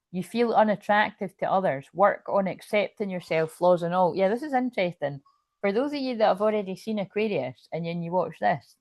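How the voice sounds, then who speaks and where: A woman's voice: medium pitch, no echo. A woman giving a live tarot reading in a loose, rambling way. She swears casually and keeps checking in with her listeners. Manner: keeps checking in with "you know what I mean". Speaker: tarot reader.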